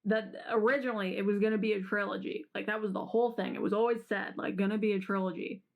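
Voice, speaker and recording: Gravelly-voiced young woman podcaster. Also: medium pitch, fairly even intonation, fast talker, phone-quality sound. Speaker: podcast co-host. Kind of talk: casual chat.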